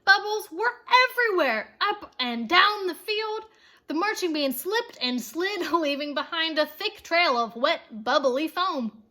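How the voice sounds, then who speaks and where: A woman reading a children's chapter book aloud, with expressive, playful storytelling and asides to her listeners. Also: very high-pitched, a little slow.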